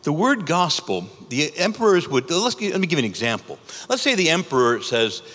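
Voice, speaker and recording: Lively preaching priest in an echoing hall. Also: male voice, a little high, moderate pace. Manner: animated, conversational, with rhetorical questions. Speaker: priest and conference speaker. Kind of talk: conference talk, preaching. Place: large conference hall. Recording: echoey conference hall.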